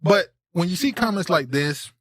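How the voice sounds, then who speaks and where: A man from North Carolina with a toned-down Southern accent, co-hosting a casual podcast discussion. He talks in a loose, rambling way and deliberately slows his speech for the mic. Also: high-pitched, expressive. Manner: loose, digressive, frequent restarts. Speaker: podcast co-host.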